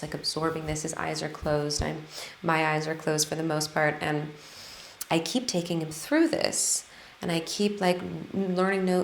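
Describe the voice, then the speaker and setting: Energy healer lady telling a story to camera, low gravelly voice, echoey room. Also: a little hiss or hum. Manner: earnest, trailing restarts and fillers.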